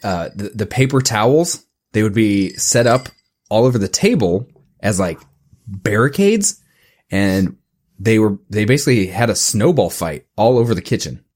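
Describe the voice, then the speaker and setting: A man's voice: lowish voice, animated, normal speed, a little mellow. A man in his thirties co-hosting a podcast, telling a story with hesitant restarts and laughter in casual chat. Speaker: podcast co-host.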